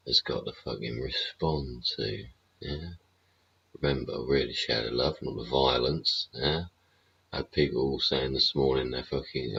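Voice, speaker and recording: Gravel-deep British man ranting on stream. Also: sharp tone. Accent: British English. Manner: blunt, profane, rhetorical tags. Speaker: livestream host. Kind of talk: swearing political rant. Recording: dull lo-fi stream audio.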